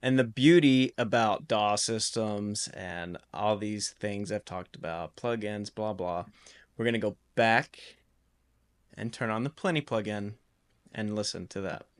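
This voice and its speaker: A man giving a casual home-studio guitar recording tutorial in a relaxed, explanatory way, with loose restarts. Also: fairly low pitch, unhurried.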